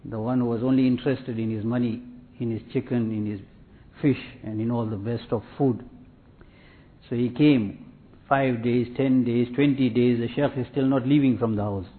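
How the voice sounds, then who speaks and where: A man giving a sermon in a measured, repetitive preaching cadence, telling anecdotes. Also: medium pitch, steady tone. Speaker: Islamic preacher. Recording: tinny phone-like audio.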